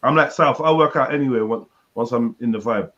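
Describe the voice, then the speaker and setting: A man's voice: medium pitch, fairly quick, a bit bright. A man hosting a livestream, chatting casually, teasing and swearing as he laughs with a friend. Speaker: livestream host. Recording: dull lo-fi stream audio.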